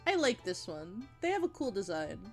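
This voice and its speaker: A woman chatting casually on a livestream while she draws, gushing and giggling, with bursts of excitement and casual swearing. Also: mid-range voice, normal speed, soft background music. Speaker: art streamer.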